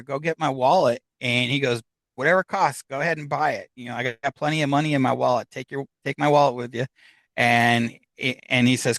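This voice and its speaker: A man's voice: medium pitch, fairly bright tone, no echo. A man telling a personal story in casual conversation, acting out the voices of the people in it. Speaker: guest.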